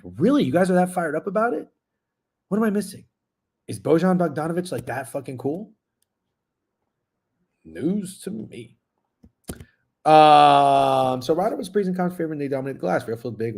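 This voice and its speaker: A man's voice: medium pitch, darkish tone. A man in his thirties hosting a sports betting stream, chatting casually and profanely while reading chat messages. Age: 30s. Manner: profane, rambling, talks with mouth full at times. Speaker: sports betting show host.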